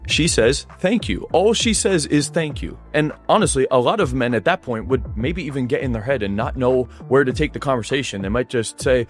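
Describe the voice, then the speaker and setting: Energetic dating coach explaining a clip. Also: male voice, mid-range voice, a little fast, hardly any pauses, faint music behind. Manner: energetic, instructive, acts out his own lines. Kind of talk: video breakdown voice-over.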